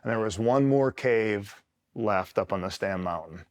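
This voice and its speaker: A middle-aged man from upstate New York tells his war stories in an easy, conversational way, with a voice that sits a little low. He swears freely and acts out what people said, often laughing as he does. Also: measured pace. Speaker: retired Marine telling war stories. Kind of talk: casual storytelling interview.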